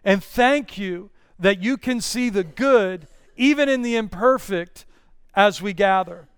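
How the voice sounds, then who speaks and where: A male pastor preaching an earnest, measured sermon with Bible readings. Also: high-pitched, clear, resonant tone, no echo, studio quality.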